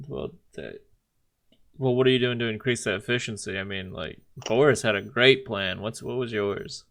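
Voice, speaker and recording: Very low-voiced sarcastic young woman. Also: lively intonation, moderate pace, gravelly. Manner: sarcastic, laughing. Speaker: player. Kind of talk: casual tabletop play.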